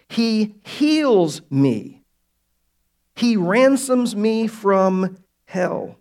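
A man pastor preaching a sermon to his congregation, emphatic and slowing down to stress key words. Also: high voice. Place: church sanctuary.

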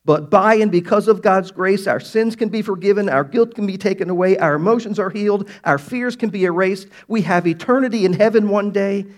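A man pastor preaching a sermon to his congregation, emphatic and slowing down to stress key words. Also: high voice. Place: church sanctuary.

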